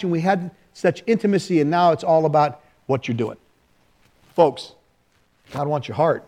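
A man preaching an informal church teaching, animated and conversational, with frequent restarts. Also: fairly high pitch, moderate pace. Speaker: pastor.

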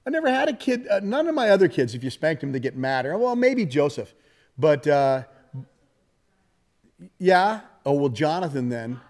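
A man's voice: a little high, sing-song, normal speed, darkish tone. A middle-aged man preaching a sermon in a folksy, conversational way, with asides and laughter shared with his congregation. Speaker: pastor.

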